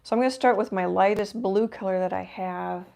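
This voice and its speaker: A middle-aged woman hosting a live painting stream, thinking aloud as she works and often dropping to a soft murmur. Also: medium pitch, a little fast, creaky. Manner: self-deprecating, thinking aloud while working, drops to soft murmurs. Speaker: painting livestream host. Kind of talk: casual live painting chat.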